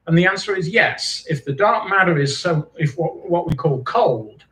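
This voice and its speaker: A man's voice: fairly high pitch, expressive, normal speed, pushed and bright. A man giving an academic astronomy lecture in a conversational, explaining way, recorded from a distance in a lecture hall. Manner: conversational, loosely explaining with asides. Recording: roomy hall, voice from far off.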